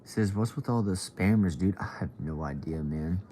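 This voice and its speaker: A young adult man hosts a livestream indoors at home, his deep, mellow voice moving at normal speed. He reads out comments casually in a laid-back drawl, peppered with "bro" and "y'all." Slight background noise includes a faint TV from another room.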